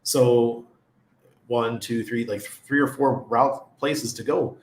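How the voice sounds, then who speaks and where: A man's voice: medium pitch, fairly even intonation, slow, reverberant. Chatty laughing man hosting a livestream. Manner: chatty, laughs often, greets viewers by name. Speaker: livestream host. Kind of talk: casual livestream chat.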